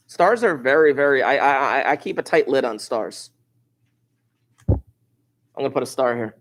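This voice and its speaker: A man lecturing a high school statistics class at an ordinary mid pitch. He talks in a relaxed, offhand way with casual asides. When a point matters, he slows down and says it again. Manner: repeats key points slowly for emphasis.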